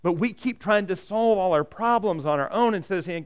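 A man preaching a sermon, retelling a scripture story in a lively way and often repeating words as he starts a sentence. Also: high-pitched, brisk, hardly any pauses, clean tone. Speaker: pastor.

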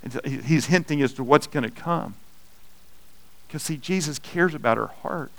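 A man preaching a sermon, with slow, dynamic delivery that swells loud and then drops soft. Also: on the high side, rough recording. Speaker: pastor.

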